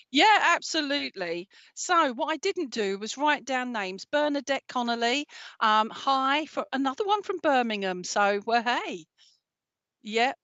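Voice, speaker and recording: A woman hosting a live stream as a spiritual medium, chatting casually and greeting viewers warmly with many ums and endearments. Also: on the high side, no room sound. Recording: dry, slightly dull sound.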